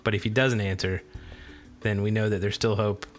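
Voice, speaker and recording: Rambling low-voiced male podcast host. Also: little pitch movement, normal speed, faint music behind. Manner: rambling, repeats words while searching for them. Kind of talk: casual chat.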